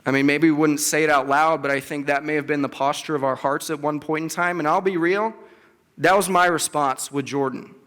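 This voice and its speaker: High-voiced man preaching casually. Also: fairly even intonation, brisk, fairly bright tone. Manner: conversational, acts out biblical quotes with emphasis. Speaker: campus ministry speaker. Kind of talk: casual sermon. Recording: long reverb of a large hall.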